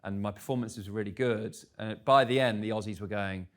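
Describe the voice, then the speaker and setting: A man's voice: lowish voice, steady tone, brisk. A man, speaking candidly on stage at a live event and telling self-deprecating stories. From England. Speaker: guest speaker.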